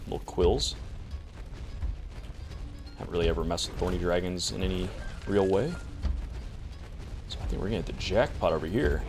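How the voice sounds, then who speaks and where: A man giving casual, chatty commentary while he plays a survival game, talking to himself as he goes. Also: low voice. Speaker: gameplay video creator. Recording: music playing behind the voice.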